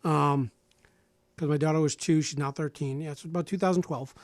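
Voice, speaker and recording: Animated middle-aged man telling a story. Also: fairly high pitch, a little fast, no echo. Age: 40s. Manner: animated storyteller who acts out other people's lines; frequent restarts and repeated words. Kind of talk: casual radio talk, telling a personal story.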